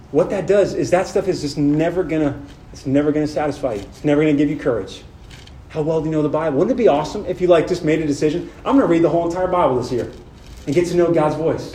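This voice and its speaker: A young man from Southern California preaching to a men's retreat in a casual, animated way, talking right to the crowd. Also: on the high side, roomy sound. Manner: casual, animated, talks directly to the audience. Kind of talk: sermon.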